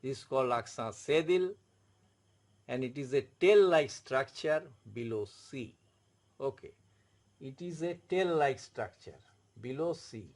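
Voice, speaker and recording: A man with an Indian English accent teaching a French lesson, explaining slowly and repeating words and spelled-out letters. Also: medium pitch, lively intonation, darkish tone. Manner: slow, repetitive, spells out letters. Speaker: French tutor. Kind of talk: classroom explanation.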